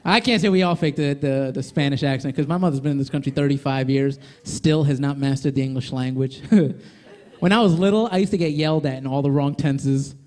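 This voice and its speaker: A young man performing a stand-up comedy set on a club stage, talking quickly and jumping in and out of put-on voices. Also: fairly high pitch, a little mellow. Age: young adult. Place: comedy club stage before a laughing crowd. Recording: live club crowd laughter behind.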